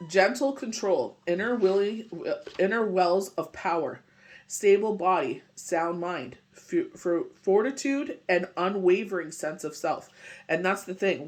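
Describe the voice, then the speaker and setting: High-voiced man rambling through tarot. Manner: rambling, full of "you know" and "it's just like". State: recovering from a bad cold. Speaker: tarot reader. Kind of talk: casual daily tarot reading.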